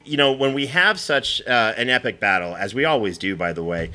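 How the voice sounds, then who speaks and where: A man's voice: medium pitch, lively intonation, brisk, pushed and bright. A man hosting a comedy show, rambling and flustered with many fillers. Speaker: host.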